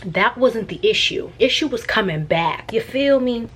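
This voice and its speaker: Chatty, animated young woman vlogger. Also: fairly high pitch, moderate pace, slight background noise. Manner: animated and chatty, with slangy asides. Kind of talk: casual storytime vlog.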